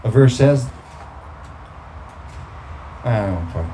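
A man's voice: mid-range voice, expressive, drawn-out words, noisy background. A man preaching a sermon, talking through scripture in a conversational way and breaking into emphatic bursts.

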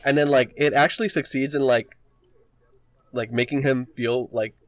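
A man's voice: medium pitch, steady tone, moderate pace. A man co-hosting a podcast, rambling through a story retelling with lots of filler words and casual swearing. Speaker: podcast co-host.

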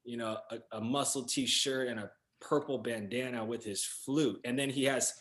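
A man, an actor guest, telling lively anecdotes in casual chat, slangy and full of "you know" and "man". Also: mid-range voice, moderate pace. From US, San Francisco Bay Area.

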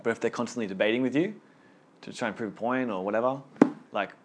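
A man's voice: mid-range voice, fast talker, very noisy. A man leading a small Bible study group, teaching casually and earnestly, often repeating words as he gets going.

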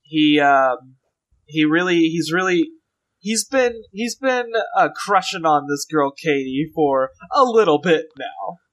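A man's voice: on the high side, lively intonation, slow pace, a bit bright. A man co-hosting a podcast, rambling and joking through a casual comedic recap with many fillers. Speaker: podcast co-host.

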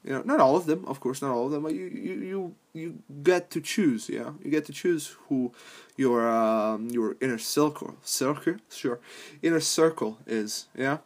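Brief: young male podcast host, loose profane rambling, frequent laughs, mid-pitched voice. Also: moderate pace. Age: young adult. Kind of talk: casual rambling monologue.

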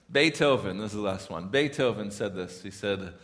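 A pastor preaching a sermon in a church, talking in a conversational way, often repeating words and rising into loud, pleading questions. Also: male voice, lowish voice, lively intonation, a little slow, long reverb tail.

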